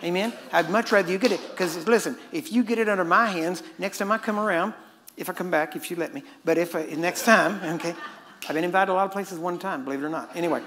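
A middle-aged preacher from Texas, delivering a sermon in a fast, joking, conversational way. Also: male voice, high-pitched, fairly bright tone. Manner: fast-talking and joking with the audience.

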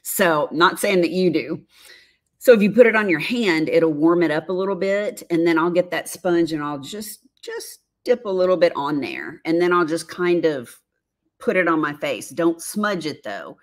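A woman's voice: lowish voice, expressive, moderate pace. A woman in her fifties chatting casually on a live stream, reading viewer comments with frequent laughs and rambling asides. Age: 50s. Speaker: livestream host, former makeup artist.

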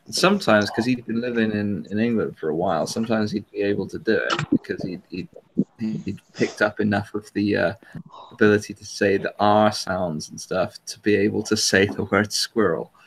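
Low-voiced man on a group call, measured, a bit hesitant. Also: slight background noise, low-quality recording. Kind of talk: casual group chat.

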